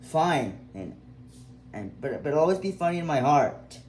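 A man's voice: a little high, big pitch swings, unhurried, a little mellow, reverberant, slight background noise, poor audio. A man voicing a mischievous, scheming princess with a magic wand in a homemade fan story, talking her plans through aloud. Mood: sulky. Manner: gleeful, plotting aloud.

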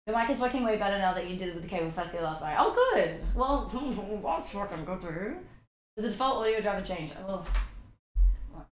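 A woman's voice: mid-range voice, expressive, a little fast, roomy sound. A woman streaming a game live, chatting and swearing freely with her chat and sing-songing greetings, her voice a bit worn out.

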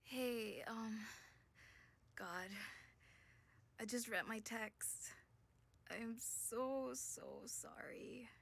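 A woman's voice: a little high, drawn-out words, long pauses, a bit bright, no room sound, full character voice. A woman voicing a game character who leaves a sleepy, hungover, apologetic voicemail, partly in a whisper. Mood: sheepish.

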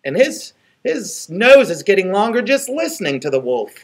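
A man, a library storyteller, reading a picture book aloud and chatting to children in a gentle, expressive way. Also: high voice, moderate pace, husky.

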